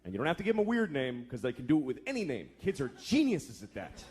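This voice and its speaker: A man's voice: mid-range voice, wildly swooping pitch, quick pace, darkish tone, breathy edge. A man in his thirties doing a profane, exasperated stand-up routine, acting out voices. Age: 30s. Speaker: stand-up comedian. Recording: noisy live club recording.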